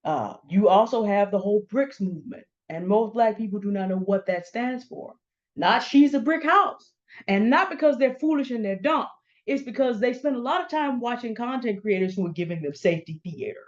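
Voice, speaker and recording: A woman's voice: mid-range voice, lively intonation, fairly quick, darkish tone. Pointed middle-aged woman, dull sound. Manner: pointed, confrontational, addressing people by name. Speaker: commentary host. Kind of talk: direct-address commentary.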